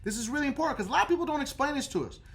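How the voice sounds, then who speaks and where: A man's voice: extremely high pitch, lively intonation, very fast, a bit bright. A man hosting a casual how-to talk on credit repair, who checks in with "okay?" after nearly every point.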